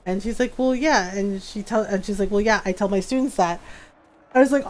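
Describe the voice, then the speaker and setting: A middle-aged woman streaming a game, chatting casually and telling an animated story, laughing often and acting out what people said. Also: medium pitch, brisk. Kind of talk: casual chat while gaming.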